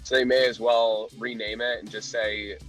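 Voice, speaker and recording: A man in a casual gaming chat, calmly explaining details in an even-tempered way. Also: fairly low pitch, normal speed, faint music behind, poor audio.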